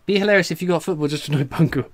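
An English man hosts a live stream about coin collecting, his voice a little high and rapid-fire. He exclaims and laughs throughout, breathless with excitement.

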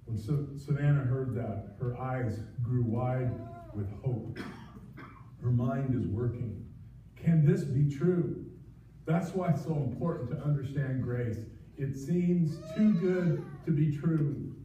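A man's voice: fairly high pitch, slow pace, dark tone, slight background noise. A man preaching a sermon as pastor, earnest and pleading, with frequent restarts. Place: church sanctuary. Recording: distant, echoey, muffled livestream audio.

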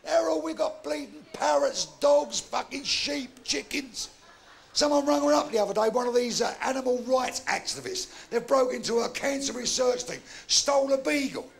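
An older man from London with a Cockney accent, doing a bawdy stand-up routine in a gruff, deadpan way before a live crowd. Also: extremely high pitch, normal speed. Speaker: stand-up comedian. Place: large live venue with a crowd. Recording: live stage recording with audience noise. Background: audience laughter.

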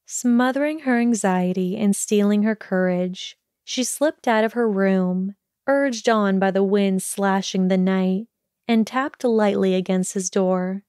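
A woman narrates a fan fiction audiobook at a slow, measured pace, in a mid-range voice. The recording is dry and close, with no echo at all. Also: mid-range voice, a little mellow, smooth.

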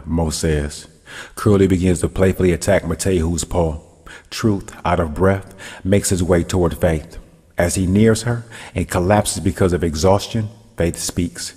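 Deep husky male storyteller, echoey. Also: measured pace, a little mellow. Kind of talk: storybook narration.

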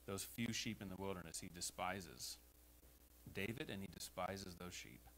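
A man with an American accent preaching a sermon as pastor in a church, emphatic and rising to loud exhortations. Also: low-pitched, moderate pace, rough recording. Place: church sanctuary. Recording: faint hum behind the voice.

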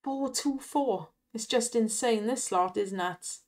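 A woman, chatty and excitable, giving casual commentary to viewers over slot play and laughing often. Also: fairly high pitch, slow pace. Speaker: slot gaming channel host. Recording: music loud behind voice.

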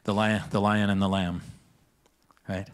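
A man preaching a sermon in a church, with a fairly low voice. He talks in a loose, conversational way, often checking in with "right?" and breaking into laughs. His delivery feels like easy chat with the congregation rather than a formal address. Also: flat delivery, unhurried, smooth. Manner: casual and chatty, often asks "right?" and laughs. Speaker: pastor.

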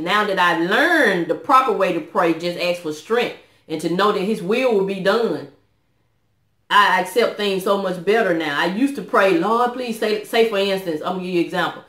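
A woman's voice: mid-range voice, fairly bright tone. Earnest woman vlogging in an echoey room. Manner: earnest, preachy, Southern US dialect features. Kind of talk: testimony vlog.

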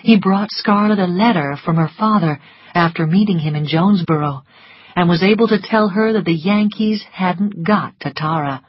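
A woman calmly narrating an audiobook in a measured storytelling manner. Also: lowish voice, husky, dry recording. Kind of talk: scripted narration. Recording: dry, slightly muffled studio audio.

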